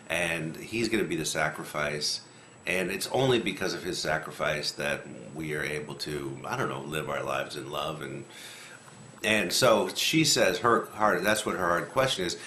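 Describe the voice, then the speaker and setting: Lively man explaining scripture, bright voice. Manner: animated, acts out quotes with rising pitch, rambling. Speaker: lectionary commentator. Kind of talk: casual scripture discussion. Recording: echoey room, faint noise.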